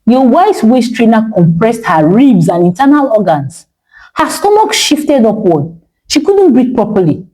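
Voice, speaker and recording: A woman voicing a calm male doctor who explains in a steady, sober way. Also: fairly high pitch, a little slow, poor audio. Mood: grave.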